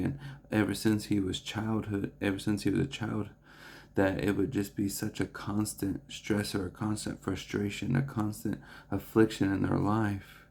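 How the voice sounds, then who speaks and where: Low gravelly man, flat earnest delivery. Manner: earnest, halting, with frequent restarts and fillers. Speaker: preacher. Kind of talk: devotional Bible reading and reflection.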